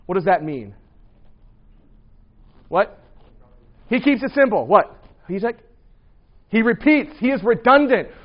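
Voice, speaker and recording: High-voiced man teaching a Bible class. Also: dull audio. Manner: conversational, quizzes the class and keeps asking "right?".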